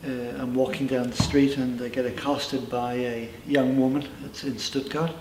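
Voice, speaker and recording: A man's voice: mid-range voice, level tone, normal speed, a little mellow. A middle-aged man talks through his personal story in an interview, thoughtful and now and then emphatic. His voice sits in a mid range. It was recorded from a distance in an echoey room with a faint hum of ambience behind it. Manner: reflective, with emphatic asides. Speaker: interviewee, former member telling his story.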